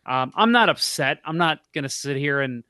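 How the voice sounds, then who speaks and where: A man's voice: on the high side, expressive, moderate pace, sharp tone, clear, resonant tone, dry recording, studio quality. A man co-hosting a casual hockey podcast, giving blunt, opinionated takes and joking with his co-hosts. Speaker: podcast co-host. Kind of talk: casual sports podcast chat.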